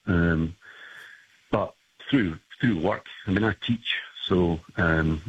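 A man calling into a radio show, speaking in a measured, hesitant way over a dull line. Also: low-pitched, slightly rough, no echo. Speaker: caller. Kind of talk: casual radio call.

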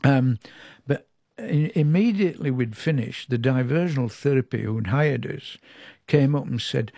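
An older man from England, a storyteller, chatting as an interview guest in a chatty, animated way that often restarts sentences. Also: medium pitch, moderate pace, creaky, no room sound, clean studio sound. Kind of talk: reflective interview.

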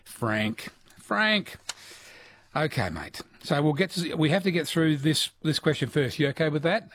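Chatty Australian radio host, husky. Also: male voice, a little high, no echo. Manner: chatty, quick, laughs often. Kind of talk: talkback radio chat. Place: radio studio.

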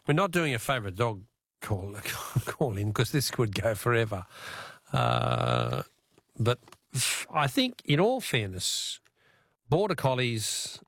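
A man's voice: fairly low pitch, no room sound, clean studio sound. Chatty Australian man hosting a radio quiz. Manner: chatty, laughs often, repeats the question. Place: radio studio. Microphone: studio mic.

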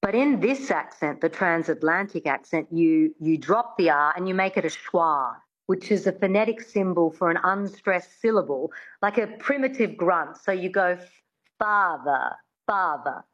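A woman working as a dialect coach, teaching an accent on the radio and slowly drilling words for the listener to repeat. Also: lowish voice, animated, dull audio. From Australia.

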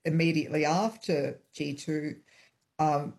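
A woman guest in a hotel room, speaking over an internet call, explaining in a measured way with frequent ums. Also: sits low, steady tone, darkish tone, husky. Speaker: historian guest.

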